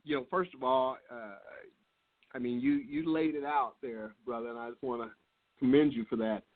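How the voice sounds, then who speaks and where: A man's voice: medium pitch, moderate pace. A man speaking as a guest on a business interview call, laid-back and earnest, often restarting his words. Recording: tinny phone line.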